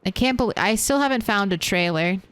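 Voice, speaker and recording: A woman's voice: medium pitch, animated, brisk, a bit bright, clean tone. A woman streaming a survival game, chatting casually and answering her chat as she plays. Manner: chatty, reads and answers chat while playing.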